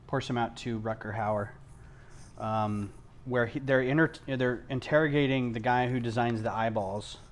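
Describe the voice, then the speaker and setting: A man hosting a casual livestream from home, rambling onto tangents, losing his thread and filling pauses with ums. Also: on the low side, slight background noise. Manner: frequent ums and restarts. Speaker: livestream host. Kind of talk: casual chat while building.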